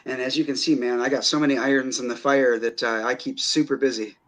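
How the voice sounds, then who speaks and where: A man, a comic creator guest in a casual chat, friendly and quick to laugh. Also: medium pitch, flat delivery, a bit bright.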